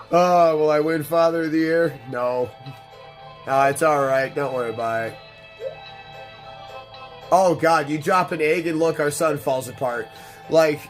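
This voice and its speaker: Guy in his 30s with a higher-pitched voice, swearing a lot, bragging thru his stories, faint game music behind. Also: unhurried, pauses often. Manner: blunt, profane and boastful. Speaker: gaming channel host. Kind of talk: casual storytelling over gameplay.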